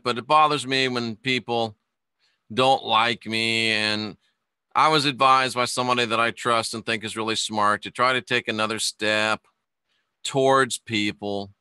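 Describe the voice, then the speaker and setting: A man with a very bright, clear and smooth voice chats through a live stream. He rambles and jokes, laughing easily between comments. The sound is dry and close. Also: mid-range voice, no room sound. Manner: rambling, joking, quick to laugh. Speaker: host of a live online show. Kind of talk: casual live-stream chat, reading viewer comments.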